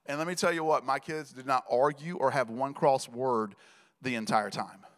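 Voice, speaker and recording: A man preaching in a conversational, joking storytelling style, building to loud emphatic passages. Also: mid-range voice, moderate pace. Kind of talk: sermon storytelling. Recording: reverberant hall.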